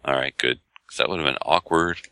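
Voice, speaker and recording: Man, low voice, bright, very lively, jokey podcast co-host, dry sound. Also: brisk, clear, resonant tone, dry recording. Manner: teasing, jokey. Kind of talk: casual podcast banter.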